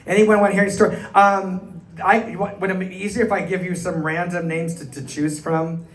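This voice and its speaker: A middle-aged man, a cabaret performer, telling an animated anecdote to a live audience and acting out the people in it. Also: high voice, normal speed, recorded from a distance. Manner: animated, chatty, acts out the people in his stories. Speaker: cabaret singer and storyteller. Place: small arts venue stage, live audience. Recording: roomy live stage sound, faint room noise.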